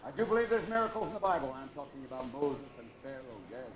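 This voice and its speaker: A man doing a stand-up comedy set, talking with an animated delivery and jumping into character voices. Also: mid-range voice, fast. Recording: echoey venue with room noise.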